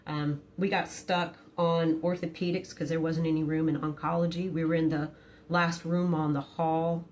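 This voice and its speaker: Middle-aged woman doing a storytime, low voice, cusses a lot but keeps it quiet, faint hiss of noise behind. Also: flat delivery, normal speed. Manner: blunt, profane and dramatic; quiet, low-key delivery. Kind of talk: casual storytime.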